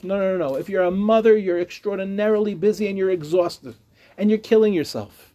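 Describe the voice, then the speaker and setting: A man's voice: high voice, fairly quick, dark tone. A middle-aged man, a rabbi, teaching a humorous live class with chatty storytelling, jokes and restarts.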